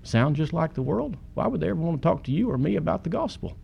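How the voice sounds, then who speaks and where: A man's voice: a little high, very animated, brisk, vocal fry, breathy edge. A man preaching a sermon in an earnest way, with sudden emphatic peaks.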